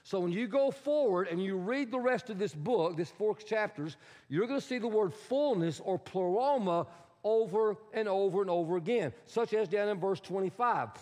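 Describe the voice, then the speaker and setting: A man's voice: high voice, expressive, moderate pace, a little mellow. A man preaching a sermon as pastor, teaching emphatically and repeating key words, with prompts to the congregation. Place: church sanctuary. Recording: long hall reverb.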